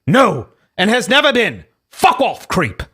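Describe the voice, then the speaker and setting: A man's voice: high voice, wildly swooping pitch, measured pace, breathy edge, voice pushed up, full character voice. A man reading a hot-headed British man's posts in a put-on British accent, furious and insulting. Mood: snappy. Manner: indignant, shouting insults.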